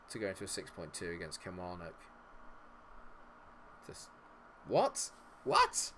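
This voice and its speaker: A man commentating live over a football management game, sarcastic and fed up, swearing as things go wrong. His voice sits fairly low. Faint noise hums behind him. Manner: frustrated, swearing, sarcastic outbursts. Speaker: gaming streamer.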